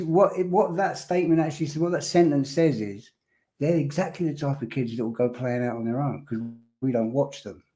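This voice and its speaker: A man's voice: a little high, mellow. A man hosting a podcast, analyzing a recorded statement, repeating phrases and quizzing his co-host emphatically.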